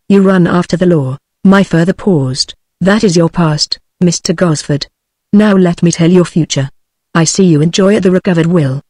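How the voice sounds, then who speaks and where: A text-to-speech narrator reading a detective story in an even, mechanical way. The pitch sits mid-range and the sound is dry and close, with no room around it. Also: no room sound. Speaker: audiobook narrator.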